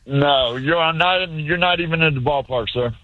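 A man's voice: a little high, moderate pace, no echo. A man from Florida calling into a radio show, stubborn and stammering as he talks. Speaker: caller. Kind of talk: phone-in radio call. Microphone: phone. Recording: muffled phone line.

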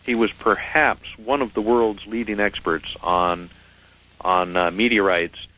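Measured low-voiced radio guest. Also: male voice, steady tone, bright, forceful tone, poor audio. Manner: measured, articulate, explanatory, precise. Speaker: radio guest, head of a UFO reporting center. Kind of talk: phone-in radio interview.

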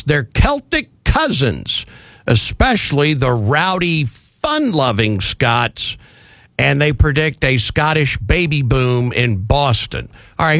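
A man's voice: fairly high pitch, a bit bright, dry recording. A man hosting a talk radio show, delivering mocking, sarcastic commentary on a studio microphone.

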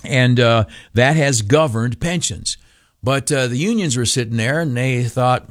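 A man's voice: mid-range voice, measured pace, dry recording, clean studio sound. Sex: male. Role: talk radio host. Style: opinionated political commentary. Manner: rambling, folksy, sarcastic, full of "uh"s.

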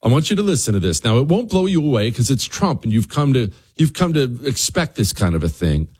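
A man's voice: medium pitch, big pitch swings, brisk, a little mellow, slightly rough. A man hosting a talk radio show, giving a fired-up monologue and speaking directly to his listeners.

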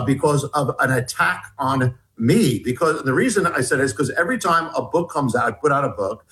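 Guy telling a wild story on a talk show, kinda high voice, stumbles and restarts a lot. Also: a bit bright, low-quality recording. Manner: halting, restarts often, quotes dialogue. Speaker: guest, author. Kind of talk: animated storytelling.

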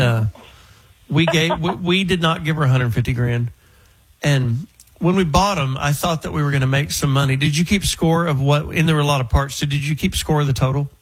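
A male radio host chats and teases his callers. His husky voice sits a little high and moves quickly from one thought to the next. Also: poor audio. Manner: teasing, quick and chatty. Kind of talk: radio show banter.

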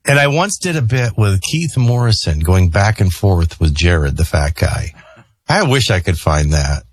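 Male radio host, animated storyteller, husky, dry close sound. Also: sits low, unhurried, dry recording. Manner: animated storyteller, jumps between voices. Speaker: radio morning show host. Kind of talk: casual on-air chat.

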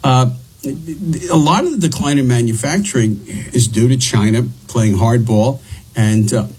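A man giving economic commentary in a halting way, often repeating words as he thinks. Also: mid-range voice, a little mellow, husky, low-quality recording. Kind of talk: opinion commentary.

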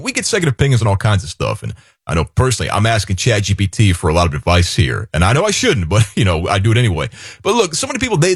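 A male radio co-host with a husky voice swings his pitch widely up and down as he pitches the show's services. The sound is dry and close, with little room to it. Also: no echo. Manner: lively pitch swings, upbeat promotional pitch. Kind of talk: radio finance show.

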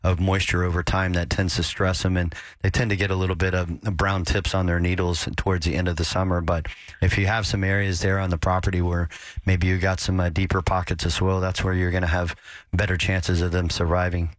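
A man's voice: sits low, little pitch movement, a little fast, dry recording. A man hosting a call-in garden radio show, giving advice in a friendly, folksy way with frequent restarts. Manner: friendly, folksy, repeats words.

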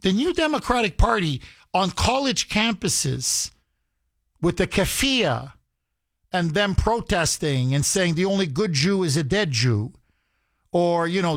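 A man's voice: high-pitched, a bit bright, dry recording, studio quality. A man delivering heated political commentary to his audience, emphatic and repeating phrases for effect.

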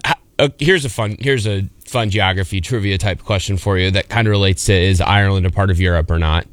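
A man's voice: low-pitched, fairly quick, no room sound. A man co-hosting a casual chat, playfully teasing over pronunciations and saying "like" a lot. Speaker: co-host.

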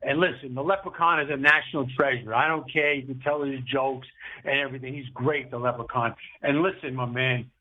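A man's voice: medium pitch, fairly even intonation, fairly quick. A man calling into a sports radio show, telling a rambling, boisterous story. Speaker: caller. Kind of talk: call-in radio chat. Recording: tinny phone line.

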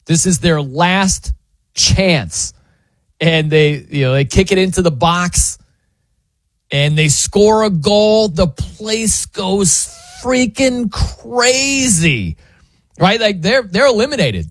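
A high-pitched man hosting a sports radio show takes it slowly as he tells a jokey story in a casual monologue, animatedly voicing what people say. The audio is studio quality with no room sound.

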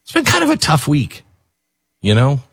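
Male talk host, husky and lowish, lively delivery, dry close mic. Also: normal speed, dry recording. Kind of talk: casual talk radio commentary.

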